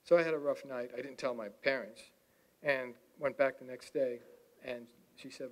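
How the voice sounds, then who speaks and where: A man in his sixties giving a talk to an audience, telling a lively personal story and acting out the dialogue. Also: mid-range voice, normal speed. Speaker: guest speaker.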